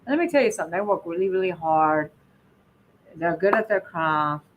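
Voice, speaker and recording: Fields: Woman. Role: lively podcast host. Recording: faint noise. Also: fairly low pitch, highs cut off. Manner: lively, quick to laugh. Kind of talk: casual interview chat.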